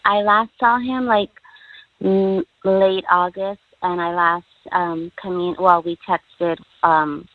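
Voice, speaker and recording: A woman's voice: on the low side, fairly even intonation, slow, dry recording. A woman in her fifties calling into a radio show, hesitant and full of ums and likes. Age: 50s. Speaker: caller. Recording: tinny dry phone line.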